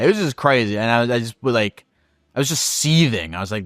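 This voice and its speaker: Halting, smooth-voiced man hosting advice. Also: mid-range voice, lively intonation, fairly bright tone, no room sound, clean studio sound. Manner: halting, many restarts, casual swearing. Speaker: host of a call-in advice show. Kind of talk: casual advice chat.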